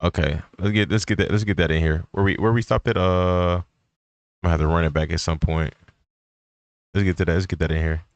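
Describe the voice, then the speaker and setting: A man with a low voice co-hosts a casual stream. He talks in a relaxed way, thinking aloud. The recording sounds dry and close. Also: a little fast, no echo, dull audio. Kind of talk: casual chat.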